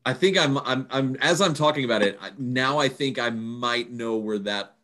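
A man's voice: medium pitch, moderate pace, bright, forceful tone. A man from Britain chatting casually, stumbling over restarts. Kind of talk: casual chat.

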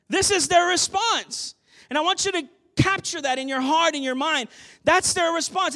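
A man's voice: very high-pitched, animated, measured pace, bright, forceful tone, big-room sound. A man preaching a sermon as a pastor, talking in a conversational way with many restarts and building to emphatic points.

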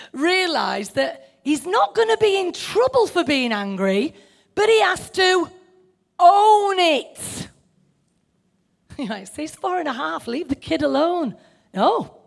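A woman's voice: high-pitched, creaky. An older woman preaching an informal sermon, chatty, laughing often and putting questions to her listeners.

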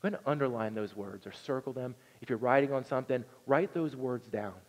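A man preaching a sermon, telling the story with earnest energy and swinging from loud to hushed. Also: medium pitch, quick pace. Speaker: pastor. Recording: long reverb in a large hall.

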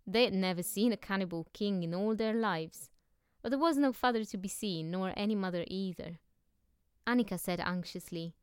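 A woman narrating a children's story as an audiobook reading, gentle and measured. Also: mid-range voice, smooth, no echo, clean studio sound.

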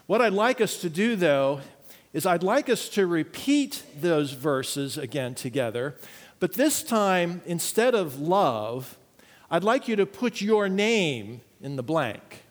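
A man's voice: sits high, big pitch swings, slow pace, big-room sound. A man preaching as a pastor, earnestly leading his congregation through a unison reading. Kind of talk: sermon.

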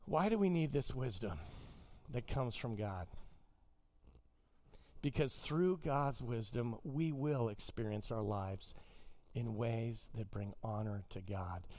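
A man preaching a sermon as pastor, telling stories with wide swings in pitch and loudness. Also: animated, takes it slowly.

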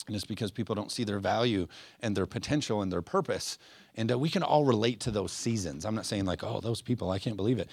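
Male pastor, low gravelly voice, earnest sermon delivery with many ums and restarts, soft guitar behind. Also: no room sound. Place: church service. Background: soft guitar playing.

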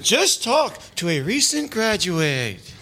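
A man's voice: sits high, big pitch swings, slow pace, pushed and bright. A man doing a mock commercial as a spoof ad announcer, chipper and salesy.

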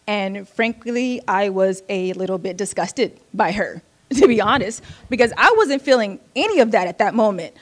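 A woman's voice: medium pitch, expressive, normal speed. A woman from Oakland telling a personal story with a wry, candid manner, laughing at herself often. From Oakland, United States.

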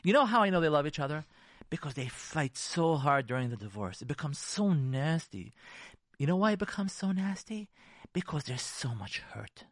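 A man's voice: fairly high pitch, sing-song, normal speed, no room sound, studio quality. A man, a rabbi, giving an emphatic radio talk on marriage. He repeats key phrases for force and drops Hebrew and Yiddish terms. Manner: emphatic and repetitive, preacherly.

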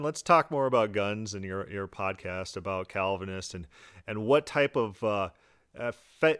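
A man hosting a podcast, talking fast in a sarcastic, mocking commentary style. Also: on the low side, fairly bright tone, clean tone, no room sound, clean studio sound. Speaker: podcast host. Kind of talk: argumentative commentary.

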